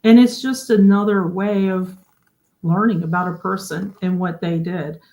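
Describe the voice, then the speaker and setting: A woman's voice: fairly low pitch, steady tone, a little slow, darkish tone. A woman hosting a casual livestream. She explains things in a chatty way and often asks her viewers questions. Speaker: host of a genealogy livestream.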